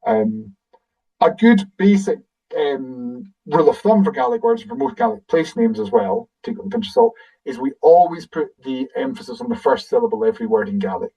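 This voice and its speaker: A man's voice: sits high, big pitch swings, fairly quick, vocal fry, far from the mic, dull audio. A man with a Scottish accent, a guide explaining things casually in a webinar and thinking aloud as he answers audience questions over a video call.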